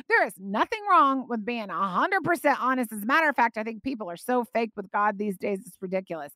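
A woman hosting a faith podcast, talking in an earnest, animated and encouraging way. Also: on the high side, normal speed, no room sound. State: out of breath. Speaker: podcast host.

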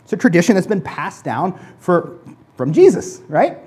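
A pastor delivering a sermon in a relaxed, conversational way, with a voice that sits in a middle pitch. The speech often stumbles into restarts and doubled words. Now and then the pastor slips into mock voices to act out the excuses people make. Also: moderate pace.

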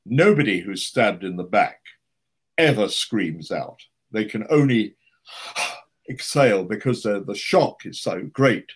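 A man's voice: fairly low pitch, husky. A man retelling an anecdote, voicing a grand, formal older male actor who speaks firmly and with weight. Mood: insistent.

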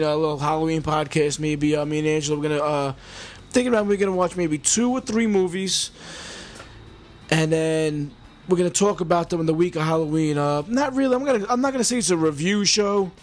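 A man in his forties rants through his own podcast, swearing freely and restarting his sentences as he gets worked up. His voice sits on the high side for a man. He talks close into a home mic. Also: fast. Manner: rambling, heated, heavy swearing and restarts. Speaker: podcast host. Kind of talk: casual profane monologue. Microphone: mic with homemade pop filter.

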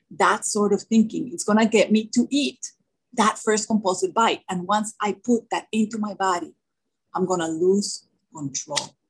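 A woman's voice: medium pitch, measured pace, husky, low-quality recording. A woman with a non-native English accent sharing her own story at a twelve-step meeting, earnest and full of "you know" and "like". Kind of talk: personal sharing at a recovery meeting.

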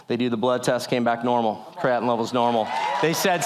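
A man telling a lively sermon testimony. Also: fairly quick, a crowd in the background, background noise. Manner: animated storyteller, acts out quotes with lower voices and laughs. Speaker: speaker sharing a testimony.

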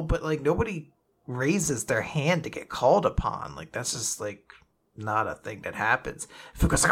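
A man's voice: a little high, moderate pace, vocal fry, slightly rough. A man co-hosting a podcast, casually recapping a comic chapter, laughing and swearing as he retells it. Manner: laughing, profane, animated retelling. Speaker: podcast co-host.

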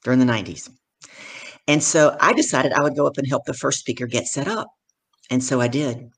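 A middle-aged woman, a professional speaker and guest, telling stories from her career in animated conversation and acting out the people in them. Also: rumbling low, fairly quick, breathy edge. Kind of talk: conversational storytelling.

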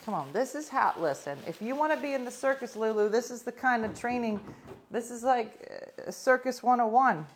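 A woman's voice: fairly high pitch, lively intonation, normal speed, slight background noise. A woman in her fifties chatting casually and coaxing her dog, treating it as her playful co-host. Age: 50s. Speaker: host of a home pet show.

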